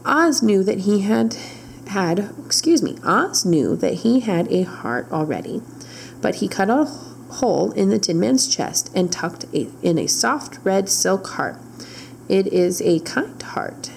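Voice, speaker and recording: A woman's voice: medium pitch, sing-song, measured pace, creaky, a little mellow, slight background noise, poor audio. A woman librarian reading a storybook aloud at storytime, narrating steadily and correcting small slips.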